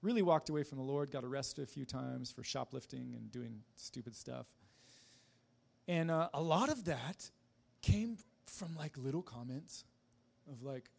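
A man giving a personal testimony in a casual, halting way, with many fillers, restarts and self-deprecating laughs. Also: mid-range voice, lively intonation, creaky.

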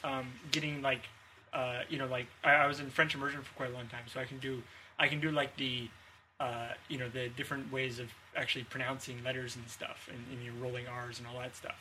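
A man's voice: mid-range voice, level tone, brisk, sharp tone, slight background noise, poor audio. A man in a casual group chat, rambling and restarting his sentences as he explains himself. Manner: rambling, self-correcting, lots of restarts.

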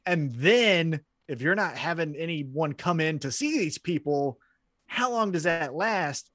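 Man, high voice, podcast co-host, blunt, casual chat, dry sound. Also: measured pace, no echo. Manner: blunt, swears, animated storytelling.

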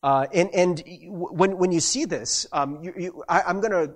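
A man's voice: sits high, normal speed. A man preaching a conversational sermon as a pastor, chatty, with many fillers, and acting out the quotes he tells.

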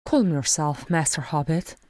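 Woman voicing a regal dwarf noblewoman, slow and poised, in a storybook reading. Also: low-pitched, a little mellow, no room sound. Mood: gracious. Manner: poised, stately. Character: dignified grave noblewoman dwarf.

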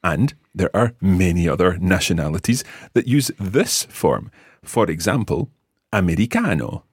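Scottish male teacher, deep and husky, dry close sound, patient lesson delivery. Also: sing-song, a little slow, no room sound. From Scotland. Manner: patient, clear, modelling words for learners. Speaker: language teacher. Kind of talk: podcast language lesson.

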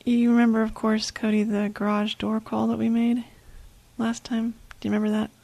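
A woman's voice: fairly high pitch, monotone, fairly quick, gravelly, warm tone, no room sound. A woman co-hosting a casual show over a voice call, telling a story in a chatty way with lots of "like". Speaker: co-host. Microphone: online voice call.

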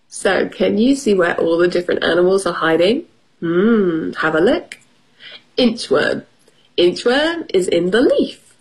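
A woman reading a children's story aloud on a radio show, animated and slow, with light laughs between lines. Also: fairly low pitch.

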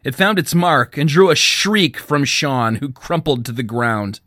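Guy reading his own novel, even middle voice, super dry close recording. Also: medium pitch, no room sound. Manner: measured, storytelling delivery. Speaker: author and narrator. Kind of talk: audiobook fiction reading.

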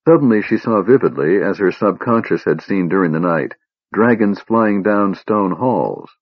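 A man narrating a fantasy audiobook with animated storytelling. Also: deep voice, moderate pace, slightly rough, no room sound. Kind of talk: scripted narration. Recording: dull dry lo-fi recording.

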